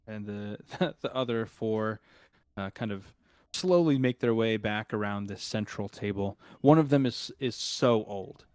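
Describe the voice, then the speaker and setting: A man's voice: fairly low pitch, darkish tone, smooth, dry recording, clean studio sound. A man narrating a tabletop game as game master, hesitant and full of restarts. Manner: hesitant, many fillers and restarts.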